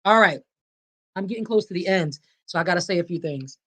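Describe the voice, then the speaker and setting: A woman's voice: on the low side, animated, brisk, a bit bright. A woman hosting a live podcast, speaking emphatically and preacher-like, addressing her listeners as y'all and reading their comments aloud. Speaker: podcast host. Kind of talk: live-streamed advocacy talk.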